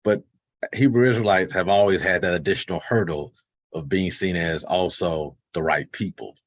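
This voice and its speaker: A man speaking as a webinar panelist over a video call, explaining in a relaxed, conversational way with many fillers and telling stories with voiced-out quotes. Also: low voice, moderate pace, no echo, highs cut off. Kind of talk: informal explanatory talk.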